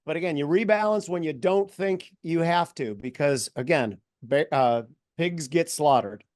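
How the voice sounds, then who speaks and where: A man's voice: on the high side, darkish tone, dry recording, studio quality. A man commenting on markets as a guest in casual chat, emphatic and upbeat. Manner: emphatic and upbeat, quick to agree.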